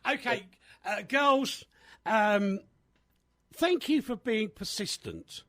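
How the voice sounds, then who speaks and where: A man hosting a casual radio chat, animated and chatty with many fillers. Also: high-pitched, slow, no echo, studio quality. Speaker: radio host.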